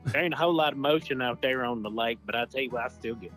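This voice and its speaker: A man's voice: medium pitch, fast, a bit bright, faint music behind, close to an everyday voice. A man playing Dale, a boastful Southern good ol' boy with a put-on Southern accent and a folksy, rambling way of talking, in a comic livestream chat. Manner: folksy drawl, "daggum" and "I tell you what". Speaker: guest character.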